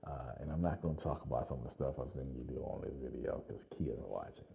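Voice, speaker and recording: A man with a very deep voice tells a story from his own life as a casual vlog. He talks in an animated way, laughs often and leans on fillers. The sound is dull and slightly lo-fi. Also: quick pace, gravelly. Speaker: vlogger telling a personal story.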